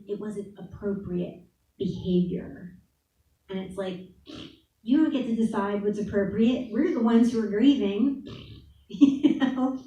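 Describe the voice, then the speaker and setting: A woman's voice: mid-range voice, warm tone, highs cut off. A woman giving a candid, casual talk at a spiritual center, laughing often and saying "like" a lot. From New Orleans. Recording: echoey room, voice from far off.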